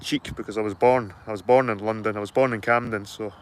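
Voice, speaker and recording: A man's voice: fairly low pitch, steady tone, quick pace, clean tone. Man, middle-aged, casual live-stream vlogger, rambling and sweary, phone mic outdoors. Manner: rambling, sweary, matter-of-fact. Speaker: livestreaming vlogger. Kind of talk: casual chat to live viewers. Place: outdoors at a garden allotment.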